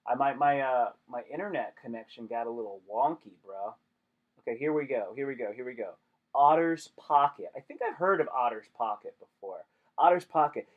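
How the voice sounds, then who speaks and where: A man's voice: mid-range voice, a little mellow. A young man chatting casually on a live stream, joking and rambling with lots of slang.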